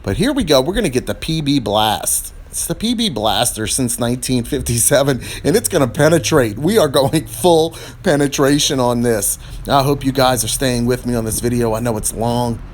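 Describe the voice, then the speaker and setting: Expressive and medium-pitched, a middle-aged reviewer keeps talking with few pauses at a moderate pace as he reviews tires and works on his car outdoors. He rambles and grows frustrated in this casual DIY vlog, captured in noisy phone-camera audio.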